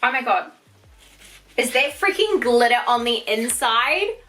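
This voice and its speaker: Excitable high-voiced New woman. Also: unhurried, faint music behind. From New Zealand. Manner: gushing, excitable, swears casually. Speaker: beauty vlogger. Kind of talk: unboxing vlog.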